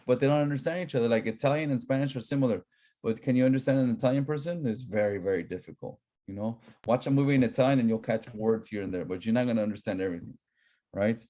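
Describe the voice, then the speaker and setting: A man's voice: medium pitch, dark tone. A man from Southern California with a local accent, teaching an online class in a casual, chatty way and often repeating himself. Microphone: laptop microphone.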